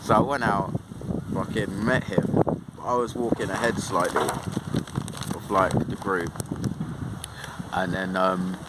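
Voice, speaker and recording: A man's voice: sits low, fairly even intonation, takes it slowly, pauses often, very noisy. A young man telling a rambling, sweary storytime in a casual way, full of fillers.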